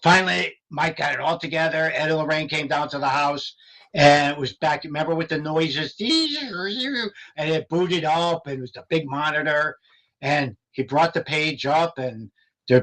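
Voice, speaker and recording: An older man telling stories on a podcast in a lively way, laughing often and acting out what others said. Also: a little high, normal speed, poor audio. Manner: animated, laughs often, acts out quotes. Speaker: paranormal investigator guest. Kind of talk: casual storytelling.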